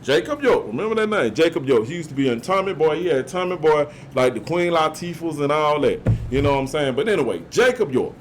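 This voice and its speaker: Animated man telling stories. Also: a little high, fairly quick, few pauses, slight background noise. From Birmingham, Alabama. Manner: animated, profane, acts out quotes. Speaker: guest. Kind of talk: casual storytelling chat.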